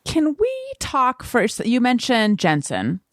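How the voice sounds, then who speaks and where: A woman's voice: on the high side, wildly swooping pitch, takes it slowly, dry recording, studio quality. A woman hosting a podcast in casual chat, asking curious questions. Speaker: podcast host.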